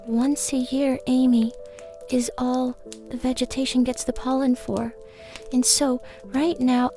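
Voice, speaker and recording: A woman's voice: sits high, dark tone, voice pushed up. A woman voicing a small, fussy female garden fairy who lectures in a preachy, easily agitated, rambling way. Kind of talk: comic character podcast chat.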